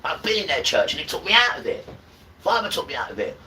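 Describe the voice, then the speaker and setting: A man's voice: a little high, big pitch swings, fast talker, bright, forceful tone, recorded from a distance, a little hiss or hum, poor audio. A man preaching and ranting to viewers on a livestream, often checking in with "right?".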